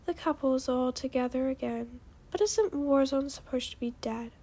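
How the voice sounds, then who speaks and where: Sneering she-dragon villain, cooing and hissing, fairly high, read by a woman. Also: normal speed, dark tone, slightly rough. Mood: mocking. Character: cruel cackling female dragon villain.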